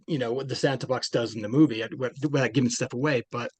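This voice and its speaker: A man's voice: medium pitch, fairly even intonation, fast, breathy edge, no echo. A man, a film director being interviewed, talking casually and rambling with many restarts and fillers.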